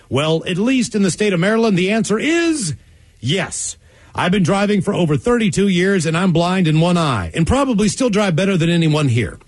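A man's voice: high-pitched, dry recording. A man hosting a comedy radio show, reading listener messages aloud and laughing often. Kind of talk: reading listener emails on air.

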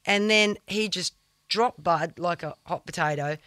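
A woman's voice: on the low side, a little slow, a bit bright, no room sound. A woman, a surfer and guest on a podcast, telling a vivid story in casual, blunt talk that is full of swearing.

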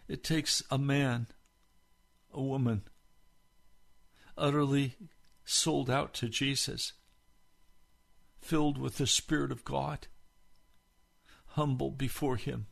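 A man's voice: mid-range voice, steady tone, takes it slowly, vocal fry, long pauses. A middle-aged man, a pastor, preaching a sermon with fervent rhetorical questions to his listeners.

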